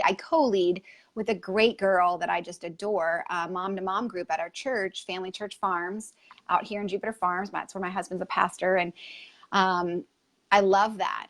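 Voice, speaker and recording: A woman guest talking earnestly in a casual chat, laughing often. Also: medium pitch. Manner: earnest, laughing, faith-centered.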